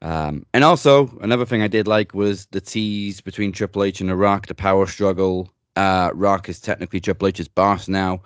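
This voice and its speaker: A man hosting a casual wrestling news podcast, opinionated and quick to swear in passing. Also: low voice, clean tone, no room sound. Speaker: host.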